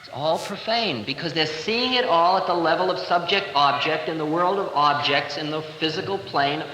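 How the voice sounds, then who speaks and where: A man's voice: a little high, normal speed, bright, forceful tone, a little hiss or hum. A man in his thirties giving a playful, conversational spiritual lecture, recorded live in a large hall in 1970. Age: 30s. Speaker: spiritual teacher.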